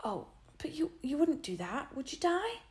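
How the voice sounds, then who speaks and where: A curious, stubborn little schoolboy, as a woman reads him aloud, earnest as he explains himself. His pitch moves in a lively way. A roomy echo surrounds the reading. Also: moderate pace, lightly acted. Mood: scared. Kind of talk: storybook reading.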